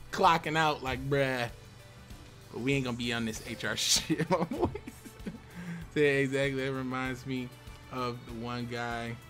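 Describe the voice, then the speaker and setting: A man's voice: medium pitch, bright, forceful tone. A man streaming a card game, talking loosely and profanely while laughing often. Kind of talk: casual live-stream chat.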